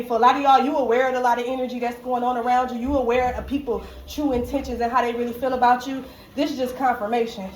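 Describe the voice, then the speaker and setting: A woman with a fairly high voice gives a casual tarot reading to viewers. She is slangy and profane and keeps punctuating her points with "okay?" The recording sounds echoey, with faint noise in the background. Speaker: tarot reader.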